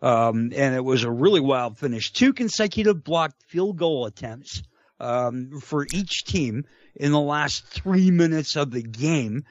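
A man's voice: medium pitch, lively intonation, a little slow, no echo. A man hosting a wrestling talk show, rambling and joking with lots of fillers. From Canada. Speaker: host. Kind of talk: casual podcast banter. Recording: dull, muffled sound.

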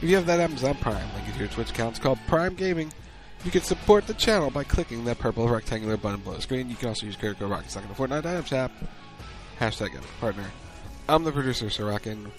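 A man producing and co-hosting a wrestling talk show, opening with an energetic announcer delivery and sponsor plugs. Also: mid-range voice, very fast, faint music behind. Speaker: producer and co-host. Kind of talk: show intro and casual banter.

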